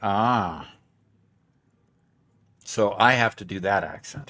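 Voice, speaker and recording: A man hosting a gaming stream, easygoing and quick to laugh at himself. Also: fairly low pitch, animated, sharp tone. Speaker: streamer host. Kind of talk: casual stream banter.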